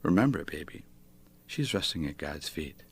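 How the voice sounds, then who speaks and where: A man reading aloud, voicing a gentle mother who calmly reassures her child. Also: extremely low pitch, moderate pace, creaky, breathy edge, exaggerated voice. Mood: soothing. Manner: soft, reassuring.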